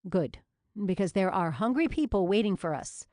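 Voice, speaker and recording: A woman's voice: medium pitch, sing-song, normal speed, darkish tone, no echo, studio quality, voice pushed up, close to an everyday voice. A woman voicing a caring but bossy young coworker in an audiobook, firm and concerned.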